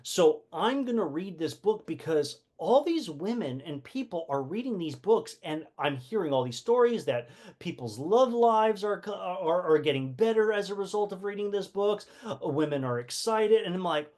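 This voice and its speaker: A man with a fairly high voice talks casually to a live audience about books. He asks the listeners rhetorical questions and often restarts his sentences with fillers. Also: animated, normal speed, a little mellow. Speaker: host of a community book session. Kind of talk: casual live-stream talk.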